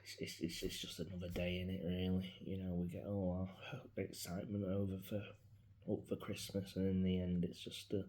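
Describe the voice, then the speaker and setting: A man, talking casually and reflectively into his phone in a personal vlog, his voice often dropping to a soft mutter. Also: sits low, monotone, fairly quick. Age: 40s. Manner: rambling, reflective, grieving, drops into soft mutters. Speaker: vlogger. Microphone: mobile phone.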